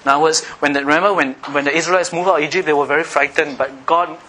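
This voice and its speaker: Animated middle-aged male preacher, bright voice. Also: fairly high pitch, very fast. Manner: animated preaching, swinging between loud emphatic passages and soft asides. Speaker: pastor. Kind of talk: sermon.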